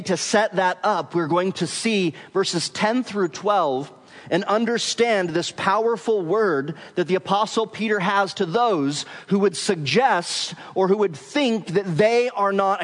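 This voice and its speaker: A man preaching an expository sermon as pastor, measured and emphatic, slowing down to stress key words. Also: high-pitched, long reverb tail.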